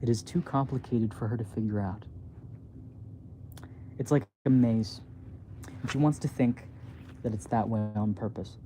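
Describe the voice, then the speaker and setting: A man reading his own book aloud as a bedtime story, softly and haltingly, with small slips. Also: medium pitch, slight background noise.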